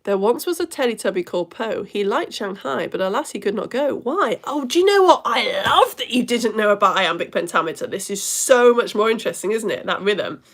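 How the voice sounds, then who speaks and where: A woman's voice: medium pitch, expressive, fairly quick, few pauses. A woman teaching a live online lesson, reading viewers' comments aloud in a bubbly, exclamatory way with delighted gasps.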